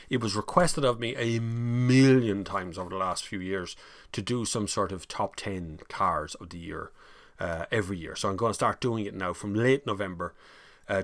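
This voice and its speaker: Gravelly Irish man chatting casually. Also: low voice, fairly bright tone, no echo. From Ireland. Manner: chatty and rambling, laughs easily. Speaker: motoring live-stream host. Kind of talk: casual live-stream chat reading viewer comments.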